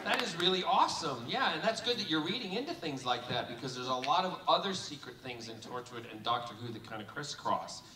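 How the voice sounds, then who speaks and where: A man's voice: medium pitch, sing-song, a little fast, few pauses, very noisy. A man talking on a live convention panel, teasing and joking with fans in camp banter. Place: large convention hall with audience. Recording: echoey hall, distant, loud crowd.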